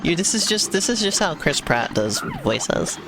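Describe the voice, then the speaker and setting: A woman's voice: on the low side, sing-song, normal speed, over loud music. A woman guest bantering and laughing in a casual call.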